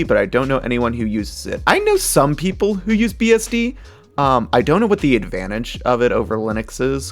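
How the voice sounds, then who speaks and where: A young man giving casual, chatty commentary as he reacts to memes, with frequent laughs and animated asides. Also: mid-range voice.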